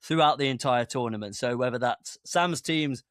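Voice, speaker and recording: A man's voice: medium pitch, normal speed, a bit bright, dry recording, clean studio sound. A man co-hosting a casual podcast, playful and laughing often. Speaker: podcast co-host.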